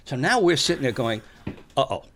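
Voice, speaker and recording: An older man casually telling animated stories, acting out the voices of the people in them. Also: on the high side, fairly quick, a little hiss or hum. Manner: animated, acts out shouted quotes. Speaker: storyteller guest. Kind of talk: casual storytelling chat.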